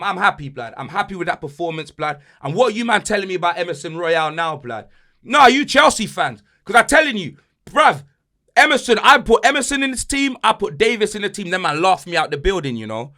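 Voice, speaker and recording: Young guy hosting a football show, high lively voice, loud mocking banter. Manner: loud, boastful, mocking, heavy slang. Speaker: podcast host.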